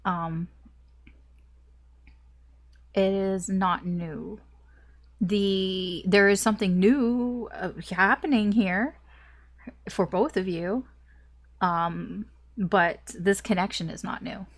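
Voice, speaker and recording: A woman's voice: mid-range voice, steady tone, slow pace, pauses often. A young woman doing a casual tarot reading, chatty and rambling with lots of "like" and small laughs, a little choked up with a cough. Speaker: tarot reader.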